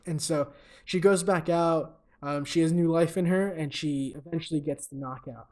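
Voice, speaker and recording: A man's voice: a little high, fairly even intonation, moderate pace, a little mellow. A young man co-hosting a podcast, casually retelling a movie's plot with lots of ums and uhs and chuckling at his own jokes. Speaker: podcast co-host. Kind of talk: casual comedic movie recap.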